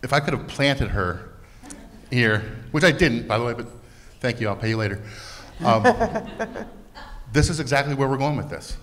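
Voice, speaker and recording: A man speaking as a therapist on a panel, emphatic and animated, asking rhetorical questions. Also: mid-range voice, normal speed, pauses often. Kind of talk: panel talk. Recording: long hall reverb.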